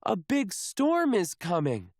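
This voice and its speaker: A man doing an excitable young girl cat. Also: takes it slowly, breathy edge, no room sound, clean studio sound, full character voice. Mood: excited. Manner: eager, excited, high-pitched. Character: excitable young female cat first mate.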